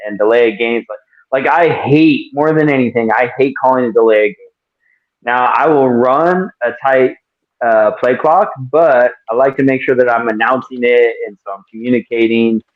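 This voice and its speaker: A man's voice: medium pitch, phone-quality sound. A man co-hosting a podcast about officiating, talking things through casually with frequent restarts. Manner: thoughtful, many restarts and fillers. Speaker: podcast co-host, flag football official.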